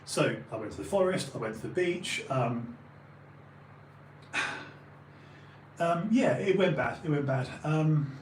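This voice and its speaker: A man's voice: a little high, animated, takes it slowly, long pauses, a little hiss or hum. A man in his late forties chatting on a live stream, rambling with fillers and restarts and swearing freely. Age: 40s. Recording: roomy home recording, faint ambience.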